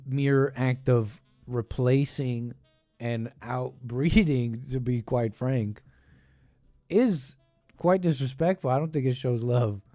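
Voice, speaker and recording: A man's voice: medium pitch, dark tone, no room sound. Dry close-miked male call-in host. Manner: rambling, chuckling, trails off. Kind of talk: casual call-in talk.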